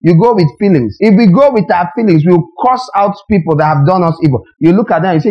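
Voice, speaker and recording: A man's voice: sits high, lively intonation, quick pace, hardly any pauses, dull audio. A man preaching a sermon as a pastor, emphatic and questioning his congregation directly.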